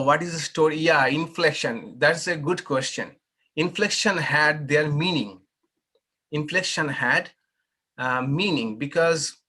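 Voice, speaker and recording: A man's voice: fairly high pitch, bright, forceful tone. A man, a monk, teaching a scripture class in a patient, explanatory way and inviting questions and corrections. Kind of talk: unhurried scripture class talk with Q&A.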